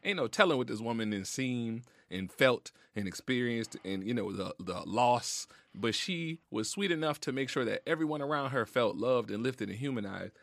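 A man's voice: medium pitch, lively intonation, normal speed, gravelly, few pauses, a bit bright, no room sound. A man as a podcast guest, talking earnestly and emotionally in casual slang, close to tears. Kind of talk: heartfelt casual conversation. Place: recording studio.

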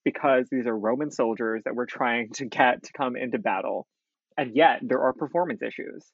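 A man's voice: mid-range voice, moderate pace, slightly rough, no room sound. A man co-hosting a podcast, chatting casually about a book and laughing often. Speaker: podcast co-host. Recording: muffled dry recording.

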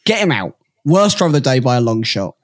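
A man co-hosting a casual sports podcast, ranting and mocking in a lively, joking way. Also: medium pitch, fast talker. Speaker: podcast co-host. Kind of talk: casual chat.

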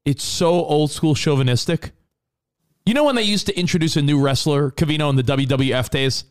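Animated man telling a story on a radio show. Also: on the high side, brisk, smooth. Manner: animated storyteller, acts out quotes. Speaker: co-host. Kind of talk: casual radio chat.

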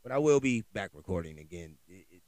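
A man's voice: low-pitched, big pitch swings, fast, a little mellow, no echo. A middle-aged man, hosting his own podcast and ranting with heated, profane exasperation. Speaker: podcast host. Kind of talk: solo podcast rant.

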